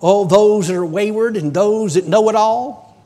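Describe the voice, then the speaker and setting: A man's voice: sits high, unhurried, mellow. A middle-aged man, preaching in a folksy, emphatic storytelling way.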